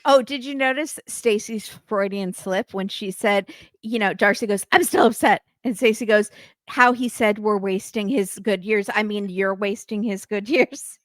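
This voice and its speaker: A woman's voice: medium pitch, no echo. Wry woman co-host, dry close sound. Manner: wry, quick asides with laughter. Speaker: podcast co-host. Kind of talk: casual recap chat.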